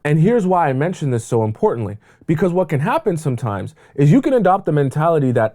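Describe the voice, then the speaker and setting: A man's voice: fairly high pitch, very animated, quick pace, hardly any pauses, dark tone. A man giving dating advice as a coach, emphatic and repetitive in a preachy way. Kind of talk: advice monologue to camera.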